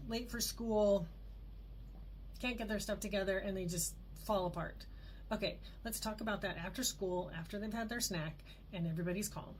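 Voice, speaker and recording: A woman parenting coach giving calm, reassuring advice and acting out short parent and child quotes. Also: mid-range voice, a little hiss or hum. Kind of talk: advice talk to camera.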